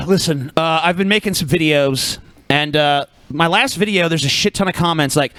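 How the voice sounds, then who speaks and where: A young man co-hosting a podcast with a gravelly, strained voice, ranting angrily with constant swearing. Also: on the high side, moderate pace, no echo. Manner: angry, shouting insults. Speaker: podcast co-host. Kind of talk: profane rant.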